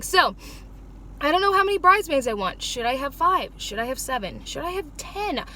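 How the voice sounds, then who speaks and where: A woman's voice: high-pitched, big pitch swings, a little fast, bright, forceful tone, a little hiss or hum. A young woman vlogger talking casually to the camera, rambling and joking at her own expense. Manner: chatty, joking, self-mocking.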